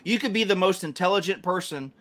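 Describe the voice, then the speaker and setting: Bright-voiced Southern American man. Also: high voice, animated, fast, dry recording. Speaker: podcast co-host. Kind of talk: casual chat.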